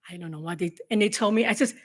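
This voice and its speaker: A middle-aged woman telling her own story to a room of law enforcement, in a halting, emotional testimony full of restarts. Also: mid-range voice. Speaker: survivor giving a talk to law enforcement. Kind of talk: personal testimony speech.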